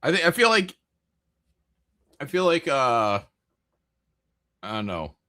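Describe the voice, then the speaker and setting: A man's voice: mid-range voice, sing-song, takes it slowly, sharp tone. A man hosting a casual live stream, rambling through chat messages with frequent jokes, laughs and swearing. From American Midwest.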